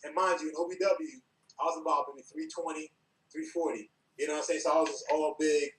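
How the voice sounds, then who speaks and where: A New York man, a former wrestler appearing as a podcast guest, tells stories in a casual chat with a high voice at a fast clip. He's animated, acting out quotes and laughing a lot. The recording sounds roomy and distant.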